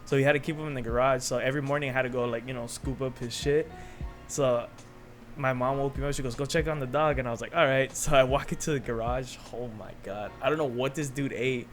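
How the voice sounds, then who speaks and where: A man's voice: mid-range voice, steady tone, quick pace, faint music behind. A young man co-hosting a podcast, telling stories in casual chat, swearing freely and laughing often. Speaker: podcast co-host.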